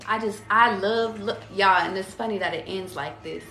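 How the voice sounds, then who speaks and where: A woman with a gravelly, fry-heavy voice does a loose tarot reading for her viewers. She chats in slang, swears freely and keeps calling them y'all. Her voice bounces around a roomy, echoey space. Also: mid-range voice, normal speed, few pauses, fairly bright tone, soft background music. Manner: slangy, profane, chatty, addresses viewers as y'all. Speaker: tarot reader.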